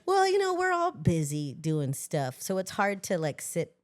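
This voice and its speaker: A middle-aged woman from Los Angeles, a singer chatting as a guest on a casual podcast, animated and self-deprecating, laughing often. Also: lowish voice, unhurried.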